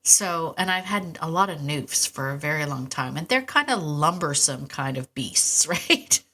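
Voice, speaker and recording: Low-pitched woman with a bright voice, middle-aged, chatty podcast host. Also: expressive, unhurried. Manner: chatty and enthusiastic, with restarts and asides. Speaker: podcast host and dog trainer. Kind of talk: casual solo podcast talk.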